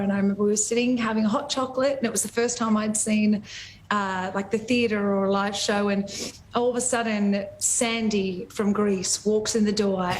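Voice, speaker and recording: A woman with an Australian accent, emotionally raw, speaking in a halting, heartfelt way on a TV interview. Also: medium pitch, a little hiss or hum, low-quality recording. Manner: halting, heartfelt, often restarts sentences. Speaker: guest singer.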